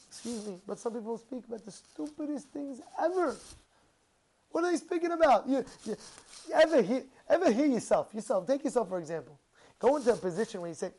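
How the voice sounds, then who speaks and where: A man giving an informal religious talk. He asks many rhetorical questions and often repeats and restarts his words. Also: high voice. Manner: animated, full of rhetorical questions. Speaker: religious speaker.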